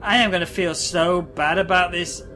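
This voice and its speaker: A man commentating a video game, excitable and sweary, often laughing. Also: high-pitched, normal speed. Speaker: gamer. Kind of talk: let's play commentary. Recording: game music behind the voice.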